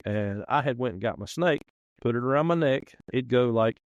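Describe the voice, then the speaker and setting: A man with a drawl spins a rambling, folksy yarn on a casual podcast. His voice sits at a middle pitch and sounds dry and close to the mic. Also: lively intonation, moderate pace, no echo, highs cut off. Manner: folksy rambling storyteller, acts out quoted voices. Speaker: podcast host. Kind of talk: casual storytelling.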